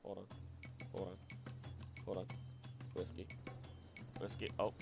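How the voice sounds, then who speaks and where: Animated man streaming live. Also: sits low, unhurried, vocal fry, over music. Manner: animated, talks to himself and his cat. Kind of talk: casual live-stream chat. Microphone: desk microphone.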